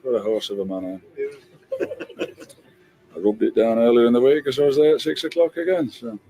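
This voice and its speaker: A man with a northern English accent telling dry, deadpan jokes in casual stream banter. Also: mid-range voice, a little fast, slight background noise, low-quality recording.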